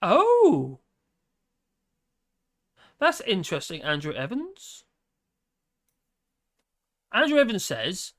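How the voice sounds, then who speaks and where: A man's voice: high voice, wildly swooping pitch, slow, pauses often. A man from the UK hosting a live stream, chatting in a rambling way and reading viewer comments, tired and often laughing. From United Kingdom.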